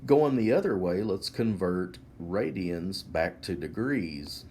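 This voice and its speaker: Casting: low-voiced male teacher, unhurried step-by-step whiteboard walkthrough, faint room hum. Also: expressive, darkish tone. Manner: slow, methodical, step-by-step explaining. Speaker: math teacher. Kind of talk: whiteboard lesson narration.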